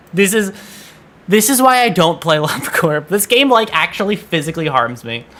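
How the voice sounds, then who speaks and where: A man's voice: high voice, very animated, normal speed, sharp tone. A man streaming a game and chatting casually, exasperated, swearing often and stumbling over restarts. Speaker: VTuber streamer. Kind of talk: casual gaming stream chat.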